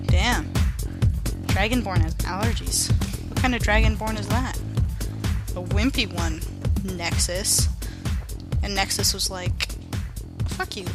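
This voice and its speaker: A woman's voice: medium pitch, measured pace, long pauses, over loud music. A young woman narrating her video game playthrough like a goofy storybook, full of silly asides. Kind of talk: playful let's-play narration.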